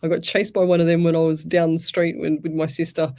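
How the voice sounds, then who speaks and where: A woman's voice: sits low, flat delivery, fast talker, warm tone. A middle-aged Australian woman hosting a live psychic radio show, chatting casually, rambling and restarting her sentences, her throat sore. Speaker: psychic medium radio host.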